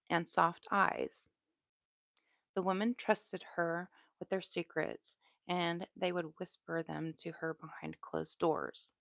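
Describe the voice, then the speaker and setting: A woman with a Southern American accent telling true crime stories on a live stream in a relaxed, chatty way, with asides. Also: fairly low pitch, gravelly, no room sound. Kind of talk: live storytelling.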